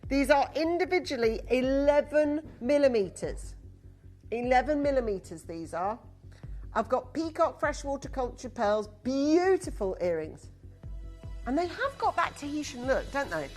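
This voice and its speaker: A woman's voice: high voice, sing-song, unhurried, a little mellow, faint music behind. A woman presenting a live TV shopping show, chatty, upbeat and coaxing as she sells to callers. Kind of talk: live TV sales pitch. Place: TV studio.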